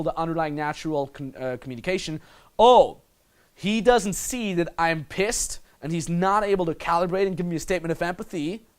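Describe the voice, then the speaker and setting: A man coaching the listener on dating in a casual, blunt manner, swearing freely and calling the listener "my friend". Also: on the high side. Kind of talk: instructional monologue.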